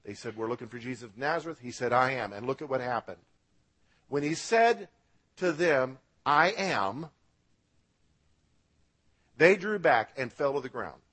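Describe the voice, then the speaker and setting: A man preaching a sermon as pastor, swinging between loud emphatic lines and quiet low drops, asking the congregation to repeat words after him. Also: very animated, slow, long pauses, husky. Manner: emphatic preaching, rising and dropping for effect.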